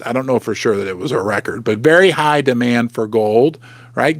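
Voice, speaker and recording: A man hosting a casual livestream, chatting with viewers and reading their comments aloud, with animated outbursts. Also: on the high side, dry recording. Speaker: livestream host.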